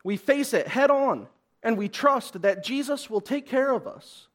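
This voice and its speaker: A young man delivers a sermon as a guest preacher. His voice sits high and moves with lively swings in pitch. He speaks earnestly and pushes harder when he voices pleas. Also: a little slow. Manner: earnest, rises in pitch and force on acted-out pleas.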